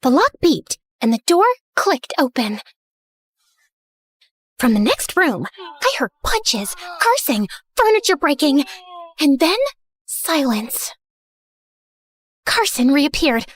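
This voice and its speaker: Brief: woman playing a spoiled, sarcastic heiress narrating her own story; very high, swooping delivery, close and dry. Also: sing-song, slow, long pauses, fairly bright tone, dry recording, full character voice. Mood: sassy. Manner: theatrical, sarcastic, self-centered. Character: spoiled, dramatic rich young woman. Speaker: first-person narrator. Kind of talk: animated story narration in character.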